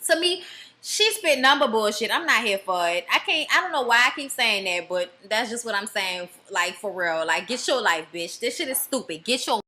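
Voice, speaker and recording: Woman reviewer, high bright voice, blunt and foul-mouthed, casual. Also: expressive, moderate pace. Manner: blunt, profane, sassy. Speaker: reality TV reviewer.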